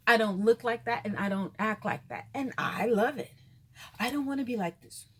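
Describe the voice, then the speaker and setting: A woman in her fifties giving an indignant, animated commentary to her followers, sometimes dropping to a whisper for asides. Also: fairly high pitch, normal speed, husky. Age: 50s. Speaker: vlogger. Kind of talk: casual commentary monologue.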